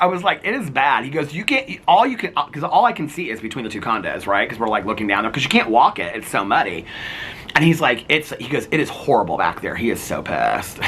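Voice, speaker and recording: A man vlogging outdoors in his neighborhood with a handheld camera, telling animated, gossipy stories and laughing often. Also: fairly low pitch, slight background noise. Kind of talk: casual outdoor vlog chat.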